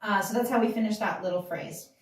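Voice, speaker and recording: A woman's voice: medium pitch, fairly even intonation, fast talker, far from the mic. A woman teaching a casual dance class, counting beats aloud and explaining moves in a chatty, giggly way. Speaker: dance instructor. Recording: echoey room, voice from off-mic.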